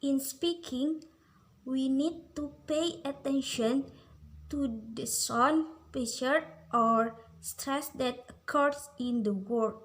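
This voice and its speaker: A young woman with an Indonesian accent carefully reads a prepared script for a class presentation on phonology. Her voice is high-pitched and slow, and the recording is rough.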